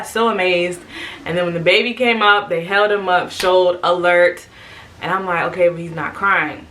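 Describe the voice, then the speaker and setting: A woman telling her birth story to camera in a casual, animated way, acting out what people said. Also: lowish voice, normal speed, a little hiss or hum.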